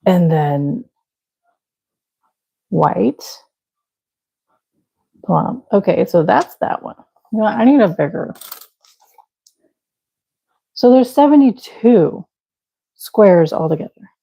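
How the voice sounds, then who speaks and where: A woman's voice: mid-range voice, lively intonation, slow pace, creaky, long pauses, warm tone, breathy edge, poor audio. A young woman hosting a live crochet stream, chatting casually and laughing at herself while she works. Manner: chatty, self-deprecating, talks to viewers while working. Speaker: livestream crochet host.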